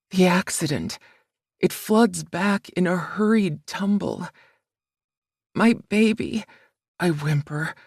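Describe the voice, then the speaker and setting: Woman reading a romance audiobook, kinda low voice, slow and soft, dry studio sound. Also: gravelly, no room sound. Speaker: audiobook narrator. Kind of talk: first-person romance narration.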